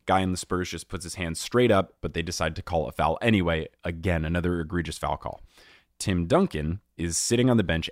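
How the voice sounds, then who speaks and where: A man hosting a casual sports podcast, telling stories in an animated way and laughing often. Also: deep voice, no echo, studio quality. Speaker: podcast host.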